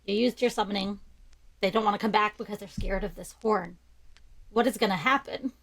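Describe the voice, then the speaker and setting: A woman playing in an online tabletop game, thinking her moves through aloud in a quick, giggly way. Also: mid-range voice, fairly bright tone, rough recording. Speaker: player. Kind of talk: in-character storytelling in a tabletop game.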